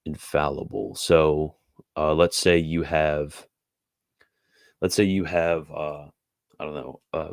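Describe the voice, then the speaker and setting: In an extremely low-pitched voice with no echo, a man gives a measured reading of a theology passage. Afterward he shifts into a relaxed chat, fielding viewer questions with plenty of fillers.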